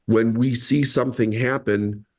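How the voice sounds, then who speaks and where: A man's voice: mid-range voice, steady tone, measured pace, darkish tone. A man as a podcast guest, explaining his ideas earnestly and driving points home by repeating them. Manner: earnest, explanatory, emphatic repetition. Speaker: podcast guest, mindset coach. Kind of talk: explaining in an interview.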